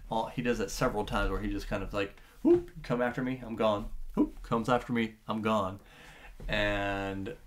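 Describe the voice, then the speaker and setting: A man recapping a book in a casual, rambling review, full of fillers and restarts and getting excited as he retells it. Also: fairly low pitch.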